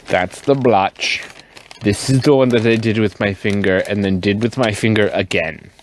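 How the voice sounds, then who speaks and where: A tipsy man rambling casually in a show-and-tell vlog, swearing and wandering up and down in pitch. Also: moderate pace, a little hiss or hum. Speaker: fountain pen vlogger.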